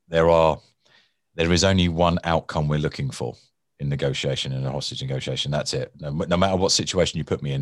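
As an interview guest, this former hostage negotiator discusses negotiation conversationally, in animated stories where he often acts out angry people and restarts his sentences. His rumbling low voice comes through a dry, studio-quality recording.

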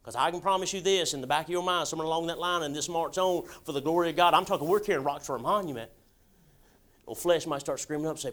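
A male pastor delivers a sermon. His voice sits high, and his folksy, emphatic delivery builds to shouts at times. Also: fast talker.

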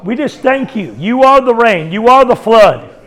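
A man's voice: extremely high pitch, animated, moderate pace, fairly bright tone. A middle-aged man preaching a charismatic sermon as an evangelist, bold and humorous, telling stories with laughing asides and acting out the dialogue.

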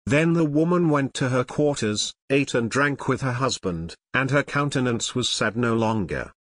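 A man reading a scripture passage aloud in a measured, even way for a church service. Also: medium pitch, no room sound, studio quality. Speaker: scripture reader.

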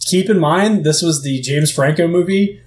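A man's voice: fairly high pitch, moderate pace, darkish tone. A man co-hosting a podcast in casual, joking chat and plugging the show. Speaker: podcast co-host.

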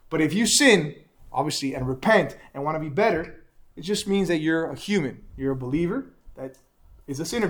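High-voiced man teaching a Bible class. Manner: animated, asks the class questions.

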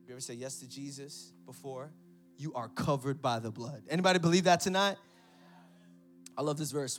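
A man preaching an energetic sermon in church, telling a story and calling out to the congregation. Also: mid-range voice, a little fast, faint music behind. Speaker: pastor.

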